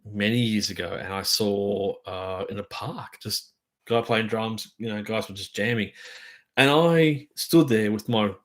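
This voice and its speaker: A middle-aged Australian man hosting a drum channel, chatting on a live stream in a rambling, enthusiastic way full of fillers. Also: lowish voice. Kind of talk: casual live-stream chat.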